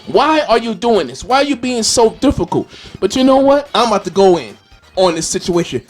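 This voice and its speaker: A man hosting a gaming channel, ranting with loud, exasperated questions and frequent cursing. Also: high-pitched, big pitch swings, fairly quick, over music. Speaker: gaming YouTuber. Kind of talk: animated rant video.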